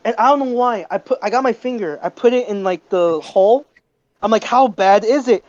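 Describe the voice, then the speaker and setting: A teenage boy casually telling a story on a podcast, animated and cursing freely. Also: high-pitched, a little fast, no echo, dull audio. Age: teens. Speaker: podcast co-host.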